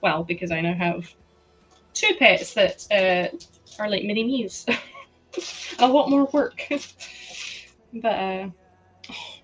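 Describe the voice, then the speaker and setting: Woman rambling away on a live stream, mid pitch, lots of likes. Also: slow pace, pauses often, soft background music, rough recording. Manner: chatty, rambling, many "like" fillers, frequent laughs. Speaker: livestream host. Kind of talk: casual chat to a live chat while sorting.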